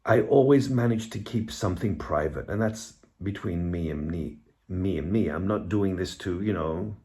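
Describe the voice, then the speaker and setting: A bereaved father speaking in a personal video monologue from the hallway of his home, halting and reflective, with restarts and pauses. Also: sits low, mellow.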